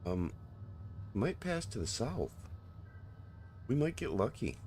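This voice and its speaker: A man casually commenting on his gameplay, relaxed and trailing off with fillers as he plays. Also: medium pitch, slow, slight background noise. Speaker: streamer playing a co-op game.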